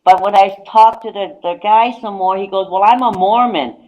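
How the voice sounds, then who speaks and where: A woman's voice: mid-range voice, moderate pace, dull audio, crowd noise. A woman psychic guest on a radio talk show, casually telling a long anecdote and repeating "I says" as she goes. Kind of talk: casual radio chat, storytelling.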